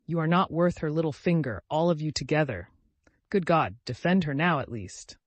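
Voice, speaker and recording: Man voicing a frantic consumptive widow, hoarse, shrill, raised pitch, dry close sound. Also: sing-song, normal speed, no echo. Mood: desperate pleading. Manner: shrill, pleading, accusing outbursts.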